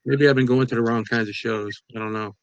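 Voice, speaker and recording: A man comedian speaks on a podcast in a wry, deadpan way, with dry humour in his stories. His voice sounds close and dry with no room echo. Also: medium pitch, fairly quick, dull audio. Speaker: comedian guest. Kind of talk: casual chat on a video call.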